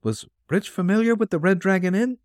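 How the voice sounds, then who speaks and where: A man's voice: sits high, brisk, no echo, clean studio sound, pitched above the performer's own voice, lightly acted. A man voicing a male detective disguised as a slangy street tough, pressing with questions. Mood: prodding.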